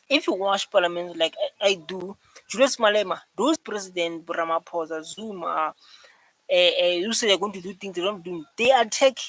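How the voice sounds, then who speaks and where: A man's voice: sits high, a bit bright, no echo, poor audio. Rambling man reacting casually. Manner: rambling, emphatic, repeats himself, fillers like "man". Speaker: reaction video host. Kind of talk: casual commentary.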